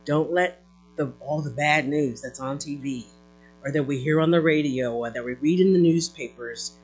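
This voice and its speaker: A pastor preaching a sermon in an animated way, calling out to the congregation and often repeating words and restarting mid-phrase. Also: medium pitch, normal speed, poor audio.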